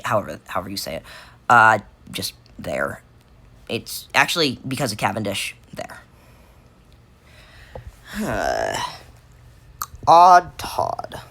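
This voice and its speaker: A woman's voice: a bass voice, fairly bright tone. A woman giving casual unscripted commentary while ranking game cards, rambling and correcting herself with lots of fillers.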